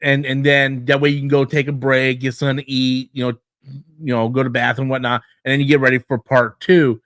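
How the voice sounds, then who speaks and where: A man co-hosting a casual wrestling podcast, blunt and profane, who mocks promoters in quick put-on voices. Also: mid-range voice, level tone, a bit bright, no echo. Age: older than co-host, calls himself old school. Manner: blunt, swears freely, mocks in put-on quotes. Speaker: podcast co-host.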